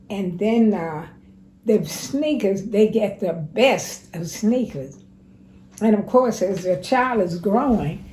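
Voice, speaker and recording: An elderly woman in her nineties speaks slowly and deliberately, her voice pitched at an ordinary middle level. She tells her stories in a plainspoken, unhurried way, and a faint hiss of noise sits under her voice. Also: dark tone, low-quality recording. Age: 90s. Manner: slow, plainspoken, unhurried storyteller. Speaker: interviewee sharing life advice. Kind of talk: casual spoken reminiscence.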